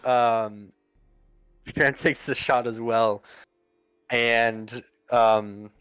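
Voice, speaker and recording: A man's voice: medium pitch, steady tone, drawn-out words, a bit bright, clear, resonant tone, no room sound, faint music behind. A young man narrating as game master in a casual, rambling way full of fillers and restarts.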